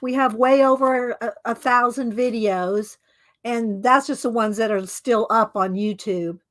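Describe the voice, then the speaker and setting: A middle-aged woman hosting a live art stream, greeting viewers by name in a chatty way and laughing often. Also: a little high.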